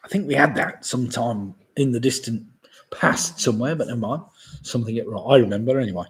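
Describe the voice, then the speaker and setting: A man in his sixties hosting a live quiz from home, chatting casually, chuckling often and reading each question slowly twice. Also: medium pitch. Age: 60s. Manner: chatty, chuckles often, asides about beer; reads questions slowly and repeats them. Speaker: pub quiz host.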